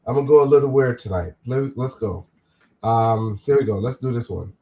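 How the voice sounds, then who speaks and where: A man's voice: mid-range voice, fairly quick, warm tone. A man hosting a podcast in casual chat, loose and slangy with many false starts. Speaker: podcast host.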